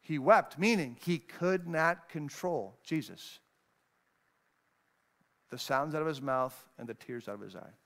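A man, a pastor, preaching a sermon, moving between raised, emphatic lines and hushed, low passages as he reads scripture. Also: unhurried, pauses often. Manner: reads scripture in old-fashioned wording.

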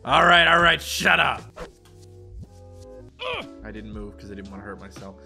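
A man voicing a frantic, squeaky-voiced dad in a video game, shouting in a very high, shrill voice. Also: expressive, normal speed, creaky, soft background music, exaggerated voice. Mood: panicky. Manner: shrill, panicky.

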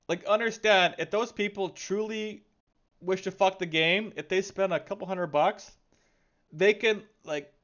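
An exasperated man rants with constant swearing and heavy sighs, his voice sitting a little high. The recording sounds dull and lo-fi. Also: a bit bright. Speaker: gaming video creator. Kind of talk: profane angry rant.

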